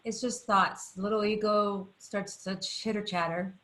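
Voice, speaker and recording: A woman co-teaching a live online class, calmly guiding listeners to notice their thoughts. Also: mid-range voice, a little slow. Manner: calm, soothing guidance.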